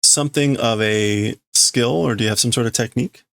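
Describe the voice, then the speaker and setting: A man's voice: mid-range voice, a little fast, gravelly, a bit bright, no room sound. A man streaming himself as he reads a comic and works out the translation aloud, hesitant and full of fillers. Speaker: streamer learning Japanese. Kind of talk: casual reading and translating aloud.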